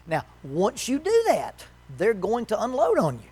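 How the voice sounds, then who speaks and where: A man presenting a marriage workshop in a church, teaching in a conversational, folksy way with joking asides and quick acted quotes. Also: high voice, wildly swooping pitch, a little mellow, breathy edge.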